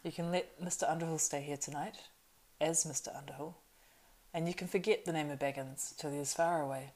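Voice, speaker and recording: A woman voicing a grim, watchful male ranger who speaks in a quiet, measured, grave way. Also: low voice, fairly even intonation, close to an everyday voice.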